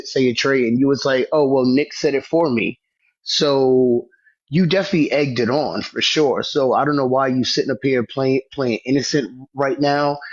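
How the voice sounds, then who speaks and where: A man in a live-stream argument, accusing someone slowly with many fillers and later snapping back. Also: mid-range voice, dull audio. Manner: measured, drawn-out accusations with fillers, then curt.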